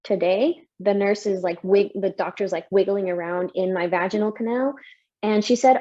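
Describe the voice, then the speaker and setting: A young mother shares her experience in an open, emotional way, with frequent laughs. Her voice is mellow and soft-edged. The recording sounds dull and slightly lo-fi. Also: mid-range voice, normal speed. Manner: emotional, lively, laughs often. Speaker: interviewee, mother. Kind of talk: candid personal story.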